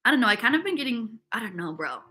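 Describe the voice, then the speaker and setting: A woman's voice: a little high, big pitch swings, fast, pushed and bright, breathy edge, faint music behind. A young woman from upstate New York, hosting a casual fitness livestream and telling a rambling, gossipy story packed with "like" fillers, and answering chat comments.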